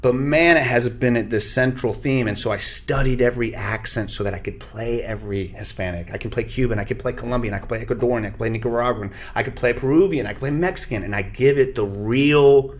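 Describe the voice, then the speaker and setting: A man whose first language is Spanish, telling stories as a guest in an interview, animated and acting out voices. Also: medium pitch, fast, few pauses. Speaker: actor and radio host, guest. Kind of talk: interview storytelling.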